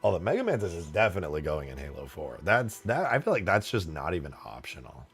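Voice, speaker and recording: A young man streaming his modding work, excitable and profane, with a strained, tired voice. His tone is gravelly with lots of vocal fry, and his pitch leaps up and down as he reacts. Soft music plays faintly underneath. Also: fast. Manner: excitable, swearing, laughing between lines. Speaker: streamer and game modder. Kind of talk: live stream, reading tips from chat.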